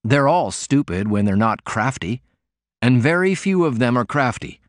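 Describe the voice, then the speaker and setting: A man's voice: mid-range voice, expressive, moderate pace, no room sound, studio quality, natural voice. A man reading as a defiant, cutting young working man. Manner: pointed, argumentative.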